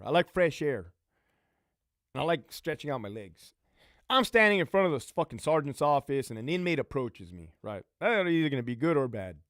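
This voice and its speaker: A man with a fairly high, swinging voice tells blunt, profane stories and answers viewer questions on a casual live stream. His speech rises and falls a lot, and the sound is close and dry with no room around it. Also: no room sound. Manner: profane, blunt, animated storyteller. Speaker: livestream host and former prison lieutenant. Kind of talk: casual livestream Q&A storytelling.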